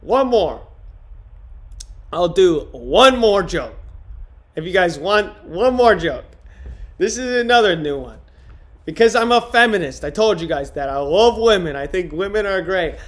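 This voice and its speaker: High-voiced man trying out jokes. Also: measured pace, long pauses. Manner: tries out deadpan stand-up jokes on the chat. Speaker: streamer. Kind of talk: casual livestream chat.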